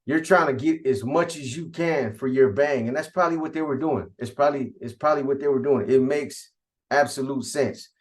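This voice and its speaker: A man's voice: medium pitch, brisk. A man hosting and telling a story casually, with slang, talking straight to his audience. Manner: conversational, slangy, addresses the audience directly. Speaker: host.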